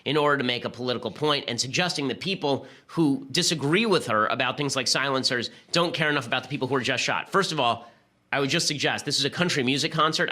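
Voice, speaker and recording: A man hosting a political talk show, delivering rapid-fire argumentative commentary. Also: mid-range voice, bright, forceful tone. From United States. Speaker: podcast host.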